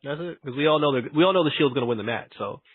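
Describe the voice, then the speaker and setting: A man co-hosting a podcast in a casual chat, laid-back and agreeable, quick to laugh along. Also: a little high, animated, husky, no room sound. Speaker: podcast co-host. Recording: tinny phone-like, dry sound.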